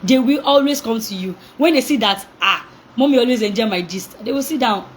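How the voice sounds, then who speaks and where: A young woman gives a parenting talk in a slightly high voice. She is animated, laughs often and acts out little exchanges with children. A faint hiss of noise sits behind her. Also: fairly quick, poor audio. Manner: animated, acts out reactions, laughs often, asks call-and-response questions. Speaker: parenting coach.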